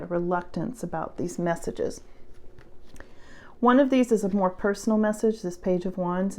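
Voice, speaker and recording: Chatty woman giving a tarot reading. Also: medium pitch. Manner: chatty, reassuring, laughs often, animated when stirred. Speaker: tarot reader. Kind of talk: casual tarot reading to camera.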